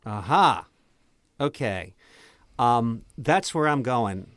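A man's voice: mid-range voice, animated, takes it slowly, fairly bright tone, dry recording, clean studio sound. A man playing a dwarf in a tabletop game, chatty and rambling, often restarting his words. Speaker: player.

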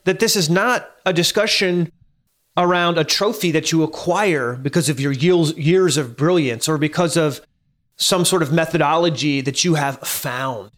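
A man's voice: fairly high pitch, fairly bright tone. A middle-aged man hosting a solo talk, speaking conversationally, asking listeners questions and repeating lines for emphasis. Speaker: podcast host.

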